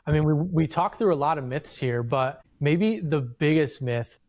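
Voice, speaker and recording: A man co-hosting a casual podcast as an inventor coach, explaining advice in a steady way. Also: fairly high pitch, moderate pace. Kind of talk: casual chat.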